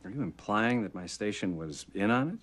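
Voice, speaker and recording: A defensive deep-voiced station boss. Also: male voice, expressive, brisk, a bit bright. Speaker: TV station manager. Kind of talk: film acting.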